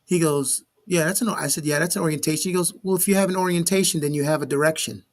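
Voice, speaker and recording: A man's voice: a little high, fast talker. A man in his forties from Miami, Florida, hosting a live talk show and telling stories with acted-out dialogue. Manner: animated storyteller, acts out the dialogue. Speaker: show host. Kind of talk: casual chat on a live show.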